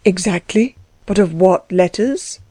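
A woman's voice: lowish voice, unhurried, dark tone, breathy edge, no room sound. Woman doing stuck-up testy old noblewoman, haughty, audiobook read. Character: proud testy older aristocratic woman. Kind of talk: audiobook reading.

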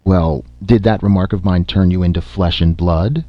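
A man's voice: sits low, steady tone, normal speed, no room sound, muffled recording, natural voice. A man voicing a small, spiteful male conscience spirit who mocks and sneers, in an audiobook reading. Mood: smug. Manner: sneering, scornful.

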